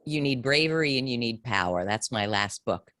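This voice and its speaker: A woman's voice: a bass voice, animated, normal speed, fairly bright tone, no room sound. A woman who hosts a podcast and works as a career coach, talking with an enthusiastic, emphatic manner and building her points in lists. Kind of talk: interview conversation. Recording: dry close sound.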